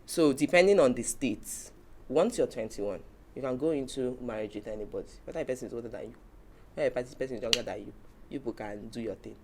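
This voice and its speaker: A woman's voice: very deep voice, fast, darkish tone, a little hiss or hum. A woman hosting a casual talk show, explaining points from her notes. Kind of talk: casual panel chat.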